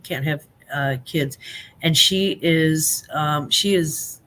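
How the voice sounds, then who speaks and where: A woman's voice: sits low, takes it slowly, a bit bright, a little hiss or hum. A woman in her fifties hosting a live stream, chatting casually and rambling with many fillers and restarts, laughing often between remarks. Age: 50s.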